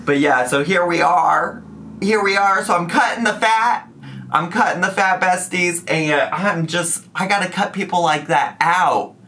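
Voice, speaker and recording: A man talking casually to his camera in a vlog, chatty and animated, now and then slipping into a joking southern twang. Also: high voice, unhurried. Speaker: YouTuber.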